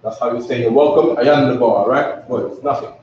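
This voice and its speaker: A man with a mid-range, darkish voice talks fast as he teaches a class in a loose, slangy style, repeatedly asking "you know what I'm saying" to check that listeners follow. The recording is dull and lo-fi, made with a distant mic in an echoey room, with slight background noise.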